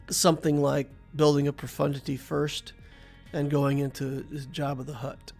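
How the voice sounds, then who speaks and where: A man's voice: a little high, vocal fry. A man giving casual gameplay commentary, thinking aloud as he plays and chatting to the viewer. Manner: thinks aloud while playing, relaxed and chatty, talks to the viewer. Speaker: game channel host.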